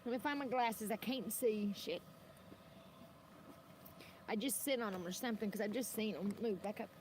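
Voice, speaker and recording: A woman's voice: mid-range voice, normal speed, a little mellow, a little hiss or hum. A woman ranting on a livestream, rambling and combative, with heavy swearing.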